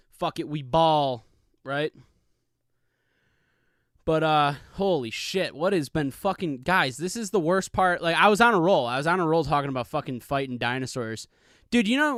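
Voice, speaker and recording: A man in his thirties hosts a solo podcast, rambling casually and swearing freely in a laid-back manner into a studio microphone with a pop filter. His voice is on the high side with a fairly bright, clean tone, and the recording is dry.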